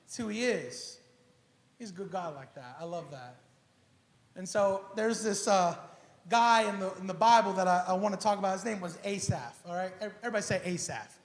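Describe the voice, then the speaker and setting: A man delivers a sermon from a church stage in a casual, street-slang manner. His voice sits high for a man and stays animated. The room around him is echoey. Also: brisk. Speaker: pastor. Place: church sanctuary.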